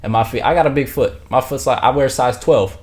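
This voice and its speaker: A young man telling a story from his own life as a streamer, rambling, slangy and repeating himself, sometimes dropping to a hushed low voice. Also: fairly quick. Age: young adult. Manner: drops to a hushed low voice for spicy parts. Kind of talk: casual storytelling.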